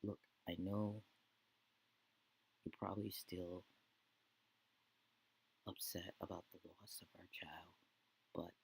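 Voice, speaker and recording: A man playing a devoted young husband from a life-sim game story. He sounds earnest and reassuring, with a low, gravelly voice and a slightly husky edge. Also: heavily acted, low-quality recording. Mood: pleading.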